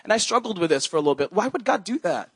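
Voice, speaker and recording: Young guy pastor preaching, earnest and chatty, bit of a high voice, dry sound. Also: sing-song, rapid-fire, fairly bright tone, husky, no room sound. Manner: earnest, conversational preaching with scripture quotes. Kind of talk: sermon.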